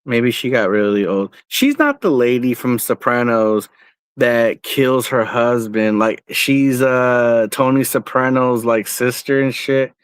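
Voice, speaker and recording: Slow, rambling man with a smooth voice. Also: medium pitch, expressive, no echo. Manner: rambling, many fillers and restarts, swears casually. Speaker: streamer. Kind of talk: casual chat.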